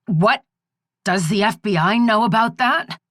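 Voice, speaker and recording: A woman's voice: fairly low pitch, animated, a little slow, a bit bright, dry recording, clean studio sound. A woman voicing a cold, ruthless male villain. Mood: menacing. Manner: menacing, matter-of-fact.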